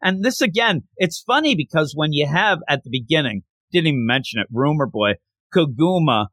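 A man casually recapping a manga story, animated and acting out the characters' lines as he goes. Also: on the high side, normal speed, dry recording, clean studio sound.

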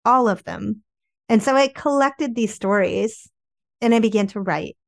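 A woman author telling candid family stories in an interview, chatty and animated, often saying "like". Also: fairly high pitch, unhurried, vocal fry, dry recording, clean studio sound. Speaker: memoir author guest.

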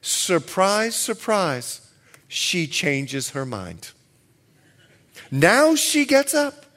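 A man's voice: very high voice, fairly bright tone. A middle-aged male pastor preaching a sermon with humorous stories, acting out bits of dialogue.

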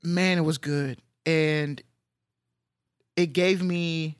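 A man co-hosting a podcast, chatting casually in a relaxed, rambling way with slang and fillers. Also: a little high, extremely slow, clean tone, dry recording, clean studio sound. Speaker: podcast co-host. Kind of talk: casual chat.

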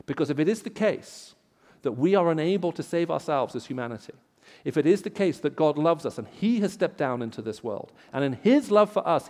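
A man with an English accent, raised in the Middle East, preaching a sermon in an auditorium and telling stories, rising loud for emphasis. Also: on the high side, in a large hall. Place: large auditorium.

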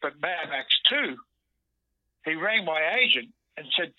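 An older Australian actor, heard over a phone line, telling lively anecdotes and acting out the lines he quotes. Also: fairly high pitch, unhurried. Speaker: guest actor. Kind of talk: storytelling interview. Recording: dull lo-fi phone audio.

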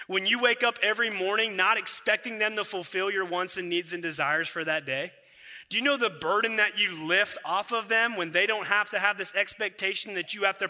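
A man preaching a sermon as pastor, emphatic and building to loud repeated phrases. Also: sits high, big-room sound.

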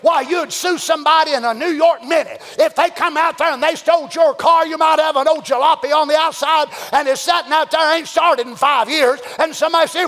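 A man preaching a sermon, swinging between folksy storytelling and shouted, drawn-out exhortation. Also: very high-pitched, fairly even intonation, big-room sound, a faint crowd. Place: church sanctuary.

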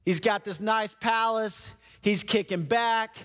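A pastor with a high voice delivers an animated, conversational sermon and acts out the story as he tells it. His words ring on in the long reverb of a large church hall. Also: a little slow. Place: church auditorium.

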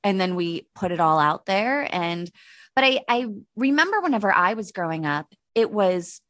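Animated, swearing woman telling stories. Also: normal speed, no echo, clean studio sound. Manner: animated storyteller, swears freely, jumps into high pitch when quoting. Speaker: podcast guest. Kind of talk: casual chat.

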